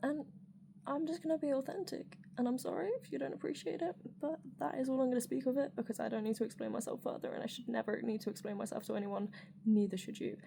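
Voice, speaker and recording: A woman's voice: fairly high pitch, fairly even intonation, fast talker, creaky. A woman talks through her thoughts in a loose, off-the-cuff vlog monologue. She rambles and restarts often, drops in casual swearing, and keeps it frank, with faint background noise. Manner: rambling and candid, with frequent fillers, swearing and laughter. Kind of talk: personal reflective monologue.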